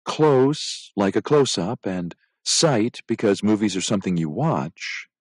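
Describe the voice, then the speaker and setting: A man's voice: fairly low pitch, animated, measured pace, darkish tone, breathy edge, no echo, studio quality. A man reading a children's story aloud, voicing a shy, thoughtful new girl at school.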